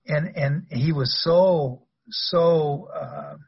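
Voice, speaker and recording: Older male guest, very husky voice, rambling storyteller, dull lo-fi recording. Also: on the high side, extremely slow. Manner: rambling, anecdotal, laughs through stories. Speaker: guest, former wrestler. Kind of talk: casual storytelling interview.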